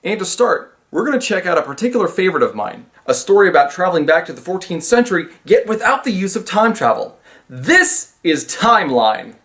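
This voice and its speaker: A man narrates a comedic film review in a slightly high voice that swings widely up and down. His delivery is sarcastic and lively, with dry jokes dropped between points. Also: quick pace, few pauses.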